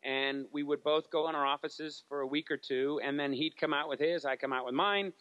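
A man's voice: on the high side, steady tone, brisk, fairly bright tone, no echo, dull audio. A man, a TV animation writer, talking as a guest in a casual interview, telling stories with lots of fillers and restarts.

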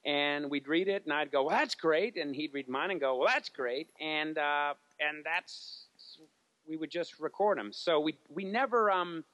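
A man's voice: fairly high pitch, unhurried, fairly bright tone, no room sound. A man, a TV animation writer, talking as a guest in a casual interview, telling stories with lots of fillers and restarts.

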